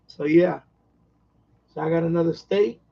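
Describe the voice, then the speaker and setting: A man's voice: a little high, normal speed, gravelly, dull audio. A man chatting casually on a live stream at home, rambling and repeating himself with lots of fillers. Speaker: radio hobbyist live streamer. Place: at home, quiet house.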